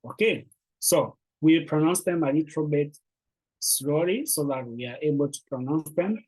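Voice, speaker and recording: A language teacher giving a beginner lesson, patiently repeating words slowly and encouraging the learners. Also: medium pitch, a little mellow, poor audio.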